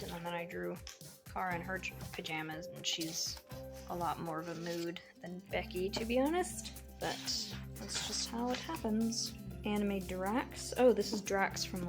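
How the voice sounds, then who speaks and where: Chatty, giggly young woman vlogger. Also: medium pitch. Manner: chatty and giggly, rambling with many fillers. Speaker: artist vlogger. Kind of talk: casual sketchbook tour narration.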